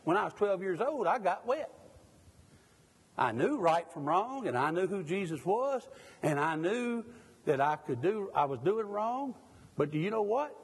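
Middle-aged preacher, fervent, questions the congregation, lively high delivery, echoing in a church. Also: male voice, measured pace, slightly rough. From Mississippi, USA. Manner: fervent, asks the congregation pointed questions, jokes at himself. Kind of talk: sermon.

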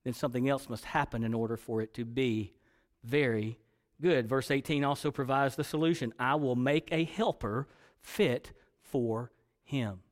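This pastor's mid-range voice moves at a normal speed as he preaches, reading from scripture and building up to emphatic points in rising passages. The recording carries a long hall reverb.

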